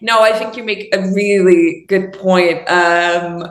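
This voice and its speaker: A woman's voice: on the low side, fairly even intonation, slow pace, roomy sound. A woman from the Netherlands, speaking English with a Dutch accent as a filmmaker guest in a casual interview, thoughtful and often searching for words.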